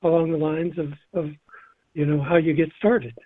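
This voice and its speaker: A man calling into a radio show, speaking hesitantly with many pauses and small laughs. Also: fairly high pitch, steady tone, husky. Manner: hesitant, many ums, chuckles. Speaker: caller. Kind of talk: call-in radio talk. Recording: tinny phone line.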